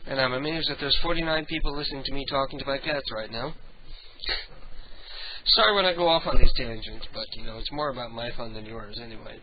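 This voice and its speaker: A man's voice: mid-range voice, fast talker, dull audio, a crowd in the background. A man hosting a late-night internet radio show, rambling in a crude, self-mocking way.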